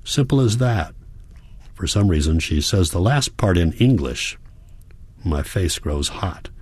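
Man, very deep voice, calm measured audiobook narration, dry close sound. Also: breathy edge, no room sound. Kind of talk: audiobook narration, first person.

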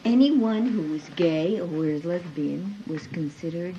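A woman's voice: lowish voice, measured pace, dark tone, a little hiss or hum. Firm middle-aged mother lecturing. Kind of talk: family argument. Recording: dull lo-fi home recording.

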